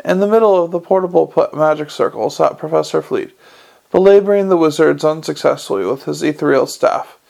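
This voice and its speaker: A man's voice: on the high side, a little fast, vocal fry, a little mellow. A man reading a novel aloud as narrator, unpolished, with slips and restarts.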